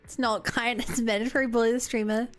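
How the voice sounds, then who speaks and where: Young streamer girl rambling to chat, kinda high voice, game music low behind. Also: flat delivery, fast talker. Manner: chatty, rambling, reacting to chat.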